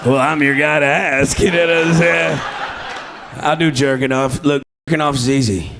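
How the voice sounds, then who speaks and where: A man's voice: on the high side, fairly even intonation, normal speed, creaky, noisy background. A man doing an improvised stand-up set on a comedy club stage, crude and rowdy, laughing through his jokes into a handheld mic. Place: comedy club stage before a live audience.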